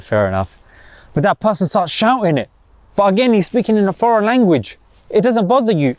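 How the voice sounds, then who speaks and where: A man's voice: a little high, darkish tone, no room sound. A man hosting a motivational talk, telling stories with slang and rhetorical questions. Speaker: host.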